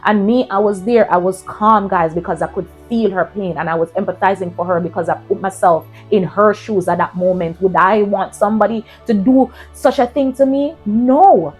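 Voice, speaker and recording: Woman chatting to her viewers, telling her story, mid pitch, bit of music way in the back. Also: a little fast, few pauses, breathy edge, low-quality recording. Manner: animated, addresses viewers as "guys". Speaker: vlogger telling a personal story.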